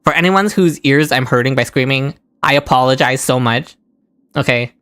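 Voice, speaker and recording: This gaming streamer has an extremely low, fairly bright voice and a moderate pace as she commentates live on a desk microphone. Lucky rolls make her shriek with delight, and she chats with her viewers in chat.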